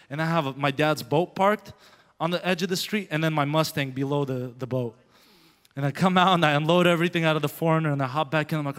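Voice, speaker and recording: A man pastor giving a sermon with a personal story, animated and growing loud as he tells of his anger. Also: on the high side. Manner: animated, grows loud when telling of anger. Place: church sanctuary. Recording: long hall reverb.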